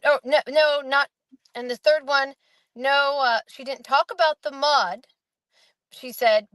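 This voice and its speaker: A woman's voice: fairly high pitch, no room sound, low-quality recording. A woman in casual chat, recapping courtroom testimony in a rambling way and acting out the quoted lines. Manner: rambling, quotes witnesses in animated voices. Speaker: host recapping a trial.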